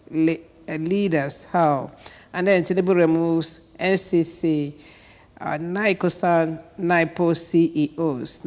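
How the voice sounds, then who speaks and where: Woman host with a cold-roughened voice. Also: low voice, a little mellow, in a large hall. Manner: reads headlines aloud with brief pointed asides. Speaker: TV morning show host. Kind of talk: newspaper headline review.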